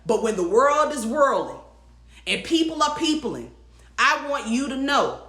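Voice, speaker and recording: A woman's voice: high-pitched, very animated, measured pace, fairly bright tone. A woman hosting a weekly livestream, giving an encouraging message in a casual, emphatic way, repeating her phrases and chatting back to viewers' comments. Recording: echoey room.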